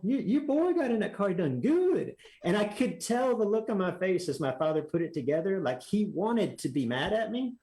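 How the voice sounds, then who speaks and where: Man telling a lively racing story. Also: a little high, poor audio. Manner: animated, acts out quotes in raised voice. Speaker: guest drag racer. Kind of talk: casual storytelling.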